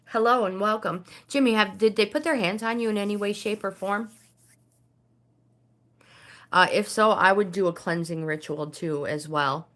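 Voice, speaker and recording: An older woman hosting a casual live stream, reading oracle cards to viewers and often pausing to search for words. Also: medium pitch, a bit bright. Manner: hesitant, searching for words, many fillers.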